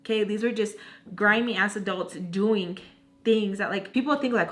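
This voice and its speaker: A young woman in her twenties spins a storytime for her channel, chatty and slangy, with "like" in almost every line. Her voice sits at an ordinary middle pitch for a woman. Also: moderate pace, fairly bright tone. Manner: chatty, slangy, heavy use of "like". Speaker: vlogger. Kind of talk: storytime vlog.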